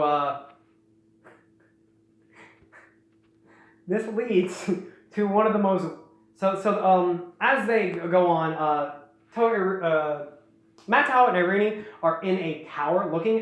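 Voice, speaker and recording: A podcast host casually retelling a story plot in a rambling, animated way. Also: medium pitch, takes it slowly, pauses often. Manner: rambling, animated retelling full of acted quotes. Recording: echoey room.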